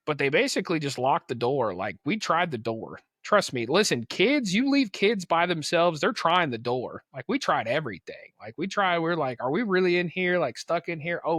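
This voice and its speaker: A man's voice: on the high side, a bit bright, no echo, studio quality. A young man on a podcast telling a story in a casual, slangy way, acting out the people he quotes. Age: young adult. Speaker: podcast co-host.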